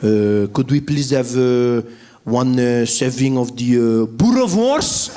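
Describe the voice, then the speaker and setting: A man voicing a French male diner with a French accent, ordering slowly with many hesitations. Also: medium pitch, expressive, dark tone, a little hiss or hum, voice pushed down. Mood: hesitant. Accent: French (put on). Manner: halting, full of hesitations.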